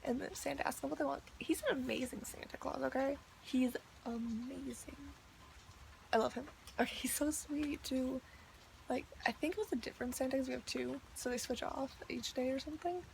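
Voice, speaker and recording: Young woman venting about work, high voice with gravelly fry, says like a lot, bit of hiss behind. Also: steady tone, a little fast. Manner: chatty, exasperated, lots of "like". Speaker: vlogger. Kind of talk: ranting video diary.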